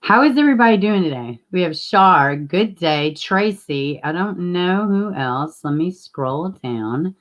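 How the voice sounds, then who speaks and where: A woman's voice: lowish voice, lively intonation, a little slow, few pauses. A woman, casually chatting with viewers as a livestream host and greeting them by name. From Tennessee, US.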